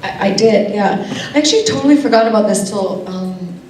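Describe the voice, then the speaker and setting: A woman's voice: mid-range voice, fairly quick, recorded from a distance, slight background noise. A young woman, an actor guest on a convention panel, chatting casually with frequent laughs. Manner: chatty, laughs often, lively asides. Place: convention hall. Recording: echoey hall, picked up from afar.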